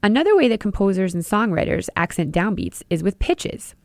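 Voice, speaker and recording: A woman presents a scripted music lesson. Her pitch moves up and down freely as she explains each idea and turns to the listener with questions. The recording is close and dry, with no room sound. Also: very animated, fairly quick, dry recording. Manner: clear, explanatory, addressing the listener directly. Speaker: podcast host and music teacher. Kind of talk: scripted educational narration.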